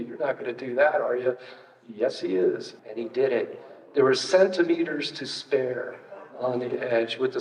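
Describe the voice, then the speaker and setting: A man's voice: medium pitch, darkish tone. An older man, a retired archaeologist, giving a casual, anecdotal public talk with slides, full of fillers and wry asides. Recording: distant, roomy, dull hall recording.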